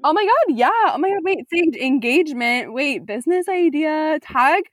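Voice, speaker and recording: Young woman podcast host, kinda high voice, giggly and teasing, dry close sound. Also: moderate pace, no echo. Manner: animated, giggly, teasing storyteller. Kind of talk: casual chat.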